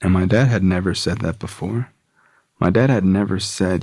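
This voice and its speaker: A man's voice: deep voice, moderate pace, darkish tone, slightly rough, no echo, clean studio sound. A man guesting on a podcast, telling his own story candidly, with profanity and frequent "like" and "you know". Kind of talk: personal storytelling.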